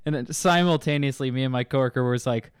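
A man casually telling a bar story, swearing and acting out angry customers in loud voices. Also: medium pitch, fast talker, smooth, dry recording, studio quality.

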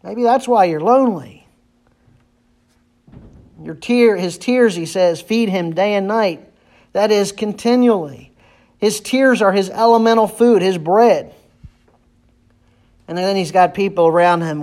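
A man's voice: sits high, steady tone, normal speed, darkish tone. A man preaching a sermon as pastor, earnest and repeating phrases for emphasis.

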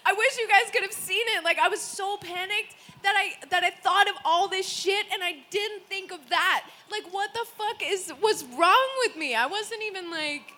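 A young woman from the United States telling a story to friends in a casual, animated way, laughing often and swearing as she acts out what people said. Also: very high voice, moderate pace, hardly any pauses.

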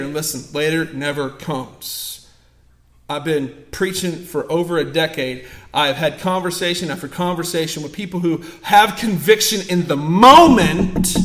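A young man preaching a sermon as pastor, emphatic, dropping to hushed asides and rising to loud appeals. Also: on the high side, a little slow, roomy sound. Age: young adult. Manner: emphatic, swings between hushed asides and raised exhortation. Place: church sanctuary.

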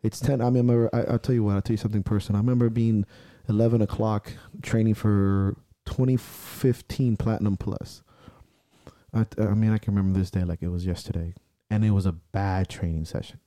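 Intense, profane man with a dark voice. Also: fairly low pitch, steady tone, a little fast, no room sound, studio quality. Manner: intense, profane storytelling, acting out his own shouted self-talk. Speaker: strongman athlete and podcast guest. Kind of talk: casual podcast conversation.

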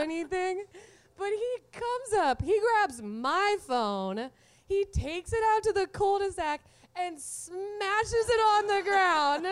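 A woman in her twenties telling a comic story from her own life, animated and often laughing through the punchlines. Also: very high-pitched. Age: 20s. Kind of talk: live comedic storytelling.

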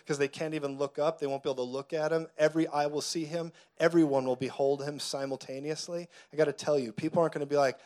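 A man preaching a sermon, moving between quiet, intense stretches and loud, joking outbursts where he laughs and acts out voices. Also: fairly high pitch, little pitch movement, brisk, hardly any pauses. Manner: preaching with humor, acting out voices. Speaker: pastor.

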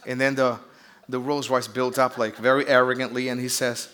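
A man's voice: medium pitch, little pitch movement, brisk, a bit bright. A man from Brazil with a Brazilian accent, preaching a sermon as pastor in a chatty, joking storytelling way with call-outs to the audience.

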